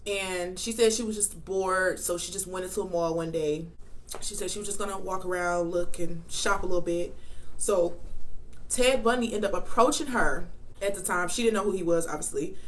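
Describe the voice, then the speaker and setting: A woman's voice: on the low side, normal speed. Rambling woman chatting while eating. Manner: chatty, rambling, with many fillers and restarts; talks between bites of food. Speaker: mukbang vlogger. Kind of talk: casual storytelling while eating.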